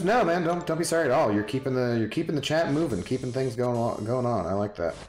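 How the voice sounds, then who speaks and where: A male game streamer rambles through casual chat with his viewers and answers them one by one by name. His voice sits in a roomy, echoing space. Music plays clearly underneath. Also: medium pitch, a little mellow.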